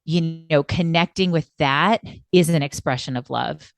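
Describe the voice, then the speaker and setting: A woman with a deep, low voice co-hosts a podcast conversation as a coach. She speaks with emphatic intensity and laughs easily. Her voice sounds close and dry, with no room around it. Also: a little slow, vocal fry, dry recording.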